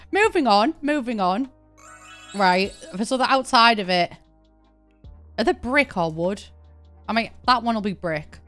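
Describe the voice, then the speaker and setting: A woman's voice: mid-range voice, measured pace, pauses often, fairly bright tone, soft background music. A young British woman in casual live-stream chat while she plays, rambling, laughing often and swearing offhand. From Britain. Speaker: game streamer.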